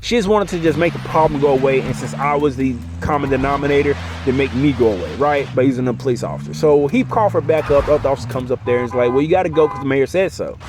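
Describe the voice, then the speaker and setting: A man's voice: medium pitch, fast, few pauses. A man telling a personal story in a casual, chatty monologue, often checking in with the listener. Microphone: phone mic. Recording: clearly noisy background.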